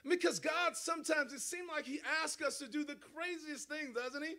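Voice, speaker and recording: An animated male preacher delivers a sermon full of rhetorical questions and playful sound effects. His voice sits unusually high for a man. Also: normal speed.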